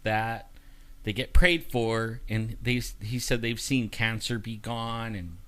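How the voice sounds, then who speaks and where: A man's voice: fairly low pitch, slow. A man telling a personal story in casual chat, acting out the lines of the people in it and filling with "you know". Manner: animated, acts out dialogue with many "you know" fillers. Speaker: guest.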